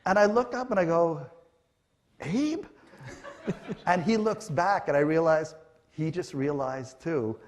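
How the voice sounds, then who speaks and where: A man's voice: on the high side, moderate pace. A middle-aged man from Canada, telling stories on a conference stage with fillers and acted-out quotes. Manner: animated, acts out quotes, frequent fillers. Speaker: panel guest. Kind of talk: conversational storytelling on stage.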